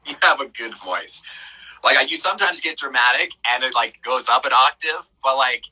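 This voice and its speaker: A man with a deep radio voice, chatting casually as a joking co-host. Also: lively intonation, normal speed, bright, forceful tone, husky, poor audio. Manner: easygoing, joking. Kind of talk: casual chat.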